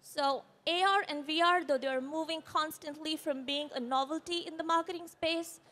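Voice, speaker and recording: A woman's voice: high-pitched, fairly even intonation, moderate pace, pushed and bright. A woman with an Indian English accent giving a conference presentation, explaining earnestly while her voice quivers after an accident. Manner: earnest, explanatory, with brief apologies. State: voice quivering, shaken. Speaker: conference speaker. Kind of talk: presentation talk. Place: conference stage.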